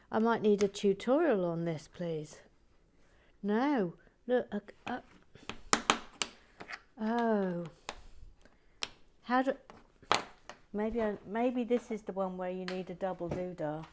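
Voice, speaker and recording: A woman's voice: on the low side, slow pace, long pauses, mellow, slight background noise. A woman hosting a vlog, chatting casually while building with bricks and often dropping into whispered asides. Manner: muttering with frequent whispered asides. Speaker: vlog host.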